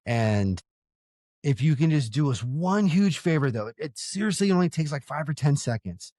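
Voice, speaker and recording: A man in his thirties from Southern California, co-hosting a casual podcast with profane, emphatic storytelling that turns soft and slow when he gets sincere. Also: a little high, very animated, no room sound, studio quality. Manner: softens and slows when sincere. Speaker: podcast co-host. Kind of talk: casual chat.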